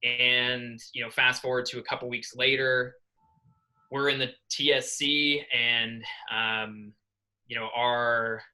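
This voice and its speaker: Bright-voiced young man telling a story. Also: medium pitch, flat delivery, slow pace, poor audio. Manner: rambling, earnest, many fillers and restarts. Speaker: assistant swim coach. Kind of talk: podcast interview storytelling.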